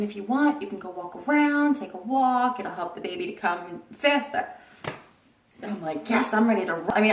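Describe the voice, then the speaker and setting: Young woman blunt and animated, swears a bit, kinda far from the mic in an echoey room. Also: fairly high pitch, a little hiss or hum. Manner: animated, blunt, swears casually, acts out quotes. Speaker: vlogger. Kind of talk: casual storytelling to camera.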